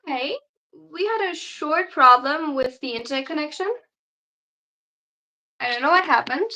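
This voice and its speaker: A young German woman with a German accent speaks non-native English on her livestream, sounding tired as she chats and answers viewer questions. Her voice is high, animated, bright, and forceful at a moderate pace, and she reads comments aloud before responding.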